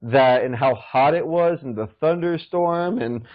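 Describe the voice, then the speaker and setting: A man rambles through a story in a loose, profane way, padding nearly every phrase with fillers. His voice sits at an ordinary middle pitch, heard dry and close with little room sound. The recording is dull and lo-fi. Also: unhurried, dry recording. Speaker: podcast guest. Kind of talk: casual storytelling.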